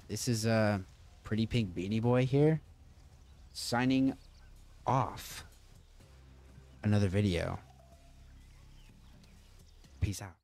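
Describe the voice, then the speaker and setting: A man's voice: mid-range voice, darkish tone. A man hosting a casual video game tutorial, rambling and stop-start with lots of fillers. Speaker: gaming channel host.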